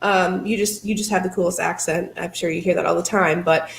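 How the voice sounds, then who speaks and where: A woman's voice: on the low side, steady tone, a little fast, vocal fry, roomy sound, low-quality recording. A woman hosting a paranormal channel, chatting casually and upbeat, often breaking into laughter. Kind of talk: casual chat.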